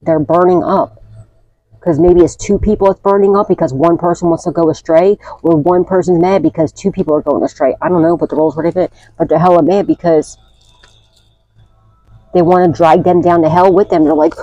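A woman's voice: on the low side, fairly even intonation, a little fast, dark tone, no echo, dull audio. A woman doing a casual spiritual tarot reading, chatty and blunt, swearing freely and often asking "okay?". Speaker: tarot reader.

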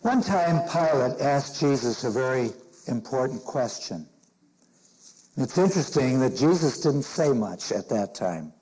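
A man in his sixties, a minister from Chicago, preaching a sermon slowly and deliberately, leaning hard on key phrases. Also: mid-range voice, mellow, rough recording. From Chicago, Illinois. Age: 60s. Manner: slow, deliberate preaching with emphatic stressed phrases.

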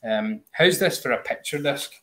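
A man's voice: mid-range voice, animated, normal speed, fairly bright tone. A man on a review panel, talking through an album in casual chat, enthusiastic and full of "um" fillers. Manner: hums and sings snatches of riffs.

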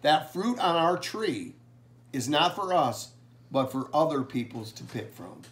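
A man preaching a family blessing sermon, earnestly reading scripture slowly and with emphasis. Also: a little high, very animated.

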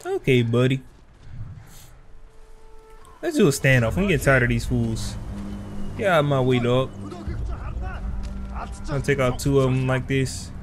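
A young man running a gaming channel hosts a let's play, trash-talking in slang as he battles through the game over game music. His mid-range voice has lively intonation, a slightly slow pace, and frequent pauses.

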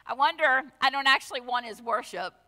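A woman's voice: high-pitched, a little fast, sharp tone, in a large hall. A woman pastor preaching a conversational sermon, full of asides and rhetorical questions. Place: church sanctuary.

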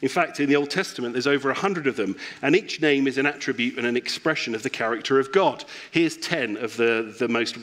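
A man's voice: medium pitch, a little fast, few pauses, fairly bright tone. A man giving a reflective, personal sermon as a church pastor.

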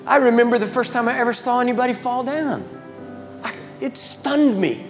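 An older man preaching a sermon as a guest speaker, telling stories with emphatic swings in pitch and volume. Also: moderate pace. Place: large church sanctuary. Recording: reverberant church hall with faint music.

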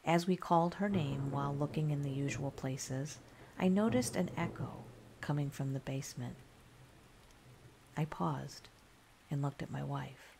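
A woman narrating a scary story in a calm, soft-spoken ASMR style. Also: low-pitched, a little slow, vocal fry, slight background noise.

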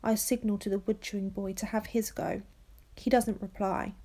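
A teacher reads a children's novel to her pupils in a calm, steady narrating voice. Her speech has a noticeable gravelly fry, and she slips into different voices whenever a character speaks. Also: medium pitch, moderate pace. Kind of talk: reading a children's novel aloud.

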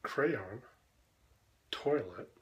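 A Canadian man in a sasquatch persona, reading a word list and answering questions in a deadpan, smart-aleck way. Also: mid-range voice, extremely slow, lo-fi sound. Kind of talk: casual accent-tag word list.

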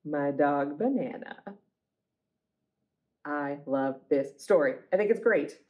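A woman librarian leading a children's storytime, reading a picture book aloud in an animated, inviting way and talking to the children. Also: deep voice, slow pace, muffled recording.

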